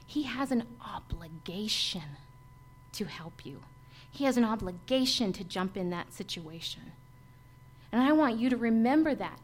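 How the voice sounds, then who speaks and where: Woman pastor with a high voice, impassioned sermon storyteller who moves from hushed to emphatic. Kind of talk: sermon with personal testimony.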